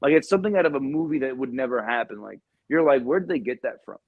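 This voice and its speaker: A man telling a story in casual podcast chat, acting out shouted lines from the people in it. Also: medium pitch, fast, no room sound, phone-quality sound. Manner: animated storyteller, acts out shouted quotes. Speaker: podcast guest, Marine veteran.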